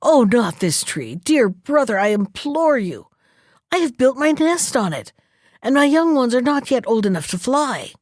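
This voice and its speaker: A woman's voice: a little high, big pitch swings, moderate pace, a little mellow, no echo, clean studio sound. A woman voicing an anxious magpie who pleads in a trembling voice, as in a storybook read aloud. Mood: imploring.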